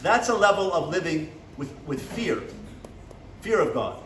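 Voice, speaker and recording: The rabbi's voice sits on the high side, sing-song, unhurried and a bit bright, as he gives a motivational lecture in a seminary classroom. He questions the audience and acts out small dialogues. The echoey room is recorded from a distance with slight background noise.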